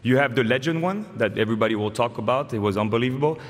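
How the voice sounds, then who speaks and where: A man's voice: mid-range voice, fast. A man in his forties with a French accent gives a joking, story-filled acceptance speech at a podium. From France. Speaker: honoree giving an induction speech. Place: large hall. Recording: reverberant hall with faint ambience.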